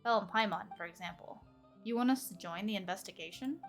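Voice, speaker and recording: A woman's voice: medium pitch, fast talker, soft background music, natural voice. A woman reading a courteous newspaper editor.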